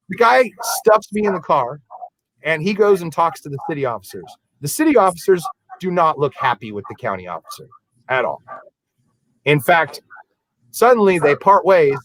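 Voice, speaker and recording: A man, a podcast co-host, telling a story in a casual, animated way and acting out the people in it. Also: a little high, no echo, low-quality recording. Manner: animated, acts out quoted voices.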